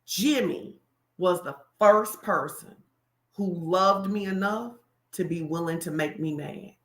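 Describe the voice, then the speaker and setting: A woman pastor giving a lively, colloquial sermon-style talk, speaking straight to her listeners. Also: lowish voice, takes it slowly, reverberant. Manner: animated, colloquial, addresses the crowd directly.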